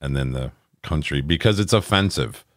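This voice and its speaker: A man's voice: rumbling low, expressive, normal speed, no echo. An older man hosting a podcast, bantering casually with dry, wisecracking humor. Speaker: podcast host.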